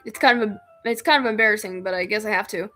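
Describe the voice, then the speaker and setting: A woman's voice: medium pitch, fast talker, sharp tone, soft background music, lightly acted. Shy new girl in the club, unsure of herself, kinda hesitant, read by a woman in her normal voice. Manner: hesitant, self-conscious. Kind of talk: reading game dialogue aloud.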